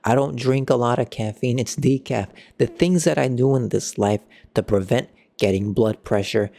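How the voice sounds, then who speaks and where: A young man giving a casual football match reaction, excitable and ranting, with sudden jumps in pitch. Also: moderate pace, vocal fry. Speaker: football fan vlogger.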